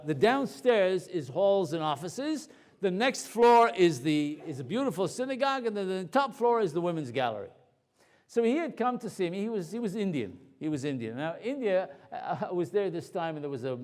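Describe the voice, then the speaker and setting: A man speaking as a rabbi, telling anecdotes to an audience in a lively way, full of asides and repeated words. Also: a little high. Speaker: rabbi and lecturer. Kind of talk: storytelling talk to an audience.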